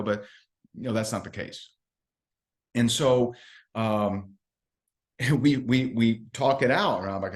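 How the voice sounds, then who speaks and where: A man's voice: mid-range voice, measured pace, long pauses. A man giving a recruiting training talk, telling stories in a chatty, self-mocking way and acting out what people said. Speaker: network marketing trainer.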